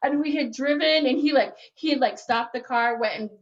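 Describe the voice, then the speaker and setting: A woman's voice: high-pitched, normal speed, dull audio. A woman telling a personal story in a candid, rambling way, often correcting herself with fillers.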